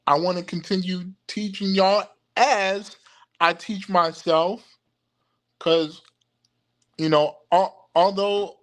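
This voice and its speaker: A young man with a notably high voice drifts slowly through a casual livestream chat. He stumbles and restarts his words constantly, and keeps calling out to his viewers. His pace is unhurried and loose. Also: steady tone, fairly bright tone. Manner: halting, many restarts and stammered repeats, laughs often; addresses viewers directly as "y'all". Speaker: occult livestream host. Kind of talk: rambling casual livestream talk.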